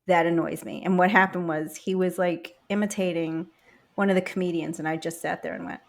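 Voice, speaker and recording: A woman co-hosting a casual podcast who tells stories in an animated way and laughs often. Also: lowish voice, a little fast, vocal fry. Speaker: podcast co-host. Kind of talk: casual chat.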